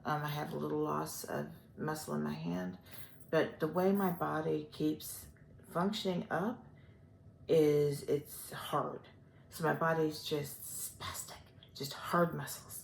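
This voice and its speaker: An older woman from the Gulf Coast of Texas, rambling through a personal vlog with many pauses and fillers. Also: low voice, creaky, a little mellow, roomy sound, a little hiss or hum. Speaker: vlogger.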